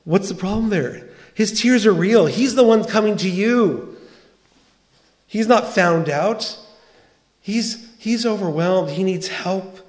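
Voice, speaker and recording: Earnest preacher man, fairly high voice. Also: takes it slowly. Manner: earnest, animated storytelling with quoted dialogue. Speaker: pastor. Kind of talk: sermon.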